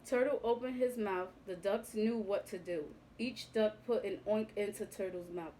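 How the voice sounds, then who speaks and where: A young woman reading a picture book aloud to young children, clear and expressive with the animal sounds. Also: mid-range voice, normal speed, slight background noise, low-quality recording. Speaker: youth club reader.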